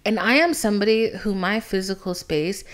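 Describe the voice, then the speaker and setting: A young woman recounts her story on her podcast in a candid, theatrical way. She swears freely and sometimes sinks into a hushed whisper to make a point. Her voice sits at an ordinary middle pitch for a woman. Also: moderate pace. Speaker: podcast host. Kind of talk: casual storytelling monologue.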